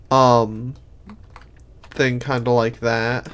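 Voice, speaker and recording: A man's voice: medium pitch, steady tone, takes it slowly, creaky. A sleepy man streaming a game in casual commentary, rambling and thinking aloud with many restarts. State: sleepy, yawning.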